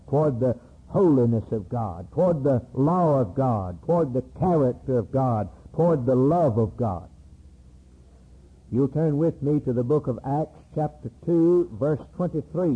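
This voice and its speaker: A man's voice: on the high side, husky. A man preaching a solemn, emphatic sermon with many repeated phrases. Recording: tinny, phone-like old sermon tape.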